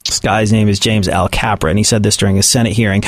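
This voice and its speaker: A man's voice: on the low side, steady tone, quick pace, dry recording, studio quality. A man giving sarcastic comedic commentary on the news and often laughing at his own points.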